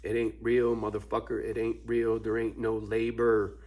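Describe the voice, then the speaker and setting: A man's voice: fairly low pitch, completely flat delivery, normal speed, darkish tone. A man ranting casually to camera at home, profane and laughing often between points. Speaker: vlogger. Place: at home with his dog.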